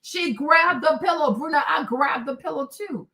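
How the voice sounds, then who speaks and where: Animated indignant woman, high voice. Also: normal speed. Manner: animated, indignant, talks to viewers as y'all. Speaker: livestream host. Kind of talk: casual storytelling rant to viewers.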